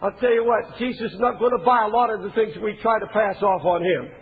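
A man preaching a sermon as pastor, passionate and pleading, rising at times into shouts. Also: high-pitched, a little fast, husky, in a large hall, phone-quality sound. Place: church sanctuary.

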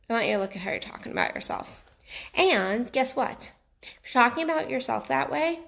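This is a woman with a mixed New York and Texas accent, coaching her viewers in a blunt, casual motivational talk. Her voice sits slightly high and has a rough, gravelly texture. She swears freely and circles back to repeat her points. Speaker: sex and relationship coach. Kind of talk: motivational direct-to-camera talk.

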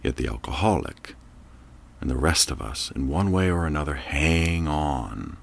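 A man narrating an audiobook in a slow, measured, reflective way. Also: extremely low pitch, animated, creaky, fairly bright tone.

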